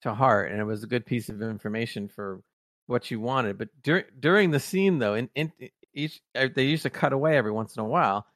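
A man co-hosts a casual review podcast, retelling scenes with lively enthusiasm. His voice sits at an average pitch. The sound is dry and close, with no room around it. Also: a little fast, no echo. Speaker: podcast co-host.

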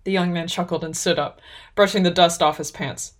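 A woman narrating a fantasy story in a measured reading voice. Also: lowish voice, fairly even intonation.

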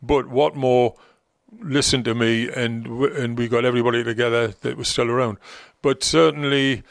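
Gravelly older man spinning old stories. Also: mid-range voice, steady tone, normal speed, no room sound, clean studio sound. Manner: rambling, reminiscing, acts out other people's lines. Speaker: former football manager, guest. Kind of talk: anecdotal storytelling in conversation.

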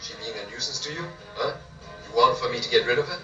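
A man playing a menacing henchman, rough grammar, distant, muffled old film sound. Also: medium pitch, quick pace, pushed and bright, roomy sound, faint music behind, lightly acted. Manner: rough, ungrammatical.

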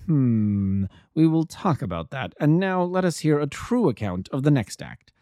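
A man doing a stern, measured detective. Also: fairly high pitch, sing-song, dark tone, no room sound, clean studio sound. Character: stern, cool-headed male detective.

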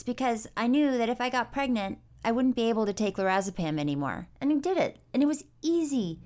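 A woman hosting her own podcast, telling her story in a candid, animated way, with frequent swearing. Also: a little high. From New York State, US. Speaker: podcast host. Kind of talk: casual narration and chat.

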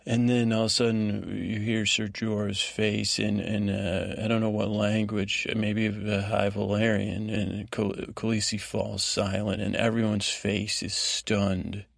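A man hosting a podcast, giving a meandering bedtime recap that is full of halting restarts and fillers. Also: on the low side, little pitch movement, gravelly, dry recording, clean studio sound. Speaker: podcast host. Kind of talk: rambling bedtime recap monologue.

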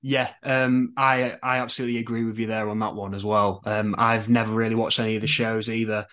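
Chatty podcast host. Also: male voice, on the low side, flat delivery, brisk, a bit bright. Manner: chatty, jokey, hesitant fillers. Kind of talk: casual podcast interview.

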